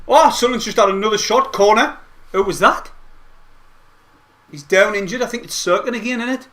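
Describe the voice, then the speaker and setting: A man giving excitable, rambling play-by-play of a match from home, as host of a fan watch-along. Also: high voice, a little fast. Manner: excitable, rambling fan commentary with mild swearing. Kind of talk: casual live play-by-play commentary. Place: at home, not at the stadium.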